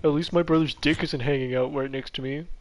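A young man with a fairly high voice cracks dry jokes as he games with his friends. His voice chat audio carries clear background noise. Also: steady tone, a little fast. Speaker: gamer playing with friends. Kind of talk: casual gaming chat.

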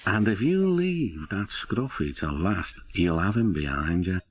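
A man voicing a loyal, respectful old brake van who speaks in a low, confiding way. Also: very animated, measured pace, a little hiss or hum. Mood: deferential. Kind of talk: storybook narration.

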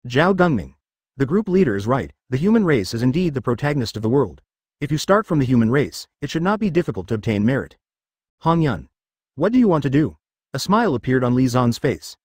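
A man narrates a web novel in an even, machine-like way. His pitch rises and falls a lot. The sound is dry and close. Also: fairly quick, slightly rough, dry recording. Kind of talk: text-to-speech novel reading.

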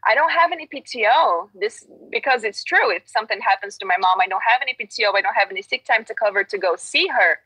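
A woman's voice: fairly high pitch, expressive, fast talker, few pauses, pushed and bright, husky, no room sound, rough recording. A woman guest, a grocery union organizer, telling her story in an earnest, frank, casual way with many restarts.

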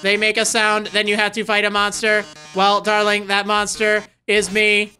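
A woman's voice: medium pitch, monotone, normal speed, bright, forceful tone, faint music behind, lightly acted. A woman voicing a flamboyant male robot TV star who speaks melodramatically and calls everyone darling, reading game dialogue aloud. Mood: gloating.

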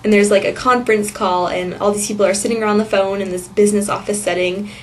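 A woman's voice: mid-range voice, fairly even intonation, fast, slight background noise. A woman vlogging in a casual, chatty monologue, rambling with lots of fillers and giggles.

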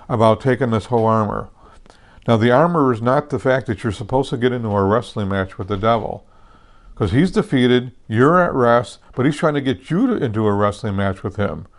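Man, pastor, casual sermon teaching, mid-pitched, restarts often. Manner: conversational, repeats "okay" and "amen" checks with listeners; frequent restarts and self-corrections.

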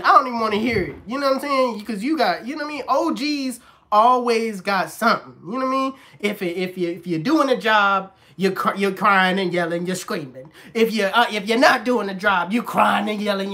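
A man, chatting casually and playfully while streaming live as a barber. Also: brisk. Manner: animated, laughing, mimics older folks in a squeaky voice. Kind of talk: casual livestream chat.

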